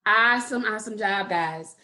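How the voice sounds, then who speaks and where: A woman teaching a phonics lesson to young children, speaking in a slow, encouraging way and stretching out the sounds of words. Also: medium pitch, pushed and bright. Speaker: kindergarten teacher.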